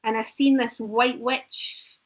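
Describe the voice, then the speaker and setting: A woman's voice: fairly high pitch, flat delivery, takes it slowly. A woman, a guest in a casual chat, telling stories animatedly and laughing often.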